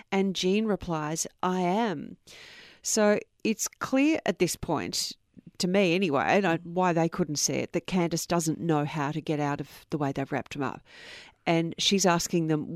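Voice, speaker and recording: A woman's voice: on the low side, unhurried, dry recording, studio quality. A middle-aged woman hosting a true crime podcast, reading out quotes earnestly and adding personal asides. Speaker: podcast host.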